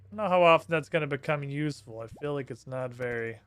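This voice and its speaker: A man's voice: medium pitch, fast, fairly bright tone, smooth, no room sound. A man streaming a video game, cursing and talking sarcastically to himself as he plays. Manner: profane, sarcastic, talks to himself. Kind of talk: live gameplay commentary.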